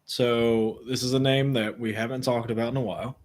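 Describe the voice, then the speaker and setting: A man co-hosting a podcast, asking quick questions and making blunt, joking remarks about wrestling. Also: mid-range voice, steady tone. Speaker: podcast co-host. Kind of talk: casual wrestling chat.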